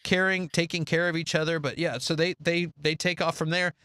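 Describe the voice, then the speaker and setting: A man co-hosting a casual movie podcast, animated and laughing often, acting out lines from films. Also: on the high side, a little fast, smooth, no echo, clean studio sound. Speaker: podcast co-host. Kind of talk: casual chat about movies.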